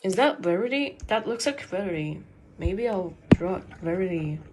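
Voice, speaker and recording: A woman's voice: medium pitch, animated, normal speed, heavy background noise. A woman streamer chatting casually while she draws, rambling and giggling with lots of fillers. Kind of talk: casual livestream chat while drawing.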